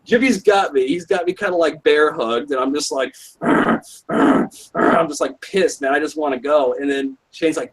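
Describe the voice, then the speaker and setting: A young live streamer with a somewhat high, husky voice tells a rambling casual story at a moderate pace. He swears nonstop and leans heavily on "like," all over poor audio.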